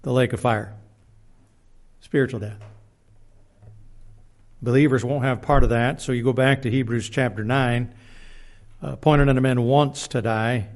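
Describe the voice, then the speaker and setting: A man's voice: mid-range voice, steady tone, unhurried, long pauses. A man preaching a Bible lesson, reading verses aloud and adding plain-spoken personal asides, often restarting his words. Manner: reads scripture aloud, plain-spoken, self-deprecating asides. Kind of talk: Bible teaching sermon.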